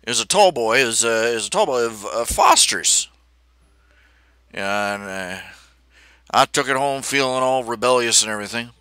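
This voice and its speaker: A man's voice: medium pitch, moderate pace, clear, resonant tone, no echo. A man hosting a livestream, telling rambling casual stories full of restarts and asides. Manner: chatty, self-interrupting, animated anecdotes with restarts. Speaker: livestream host.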